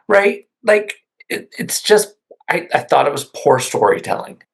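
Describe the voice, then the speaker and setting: A man's voice: a little high, lively intonation, a little slow, creaky, breathy edge. A man co-hosting a casual podcast, rambling through his points and laughing often. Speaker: podcast co-host. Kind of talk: casual chat.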